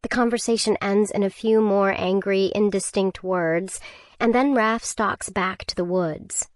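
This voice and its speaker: A young adult woman reading a first-person survival thriller as an audiobook narrator, with tense, measured storytelling. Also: mid-range voice, steady tone, no room sound, clean studio sound.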